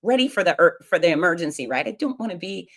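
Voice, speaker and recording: Female host, middle-aged, deep-pitched voice, candid and funny confessional storytelling. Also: quick pace. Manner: frank, humorous, confiding and animated. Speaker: podcast host.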